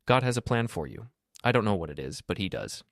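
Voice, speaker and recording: A frail, tearful old woman in a spoken story, gentle and steady, read by a man. The voice sits very low and the recording is dry and close, with no room sound. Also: brisk, vocal fry, dry recording. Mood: tearful kindness.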